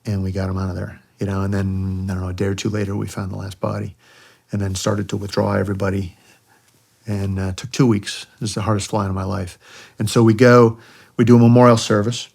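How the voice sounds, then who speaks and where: Low-voiced middle-aged man telling war stories. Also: little pitch movement, a little fast, gravelly, a little mellow. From United States. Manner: conversational, acts out quoted voices, frequent "you know". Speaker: guest, retired army helicopter pilot. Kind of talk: candid war storytelling. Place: podcast studio.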